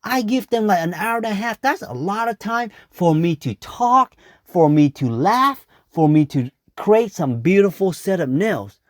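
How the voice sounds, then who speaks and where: A man's voice: sits high, expressive, measured pace, no room sound, clean studio sound. A man working as a nail technician, talking through a tutorial in a blunt, chatty way, swearing now and then and calling his viewers y'all. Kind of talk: casual tutorial talk.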